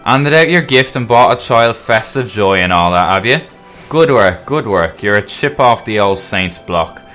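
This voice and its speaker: Man voicing a gruff brutish grouch, loud, rough slang, bright tense edge, game dialogue. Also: on the low side, animated, normal speed, soft background music. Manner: rough slangy working-class talk, loud and blunt. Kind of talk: reading quest dialogue aloud in character.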